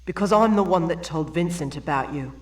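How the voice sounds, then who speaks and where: Video game role: male actor, apologetic young survivor, high-pitched, distant and roomy. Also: lively intonation, brisk, close to an everyday voice. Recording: echoey game audio, distant.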